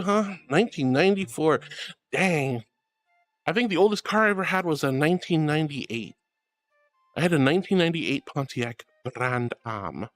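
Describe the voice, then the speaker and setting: A man's voice: high voice, fairly bright tone. A man streaming as a VTuber, casually reading chat aloud with an affectionate, playful manner, calling viewers sweetie and honey. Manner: playful, giggly, teasing. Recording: faint music under the voice.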